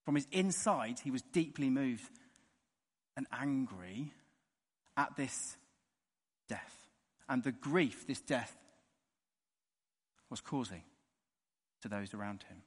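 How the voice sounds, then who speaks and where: A man preaching a sermon in an earnest way, dropping soft and slow on the key words. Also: medium pitch, expressive, breathy edge. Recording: long reverb of a large hall.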